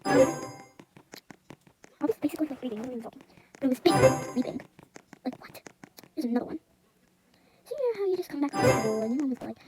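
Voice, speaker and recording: A woman's voice: high voice, animated, very fast, pauses often, poor audio. A woman rambling through a casual story time, her voice sped up, with lots of "like" and "you know.". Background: loud music.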